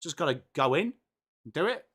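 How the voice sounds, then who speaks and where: A man hosting a live football watchalong, reacting excitedly and chatting with viewers by name. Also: on the high side, a little fast, husky. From England. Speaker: live-stream watchalong host. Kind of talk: live sports reaction and chat.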